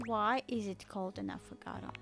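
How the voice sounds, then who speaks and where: A woman's voice: mid-range voice, fairly even intonation, fairly quick, creaky, fairly bright tone, soft background music. A woman streaming a game, giving casual, amused commentary. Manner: amused, giggly.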